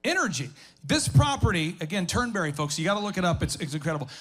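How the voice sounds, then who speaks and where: Host guy telling stories onstage, really high voice, lively. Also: quick pace. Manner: animated storyteller. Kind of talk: live business workshop talk.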